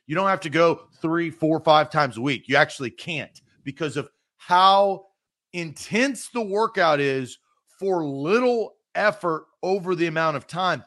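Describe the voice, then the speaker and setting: Male sports stream host, slightly high voice, brisk and chatty, reads comments at auctioneer speed. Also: a bit bright. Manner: quick, conversational, reads viewer comments rapid-fire. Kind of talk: live-streamed sports talk.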